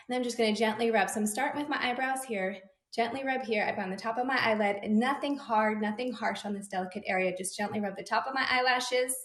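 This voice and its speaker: A young adult woman, a beauty influencer, chatting brightly to her viewers while reviewing and demonstrating skincare. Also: medium pitch. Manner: bubbly, chatty, addresses viewers directly. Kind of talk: product review and demo. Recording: echoey room.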